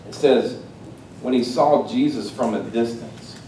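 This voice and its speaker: Animated preacher man, roomy and distant. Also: measured pace. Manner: animated, swings between loud exclamations and hushed asides. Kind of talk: sermon. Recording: roomy, distant mic with faint rumble.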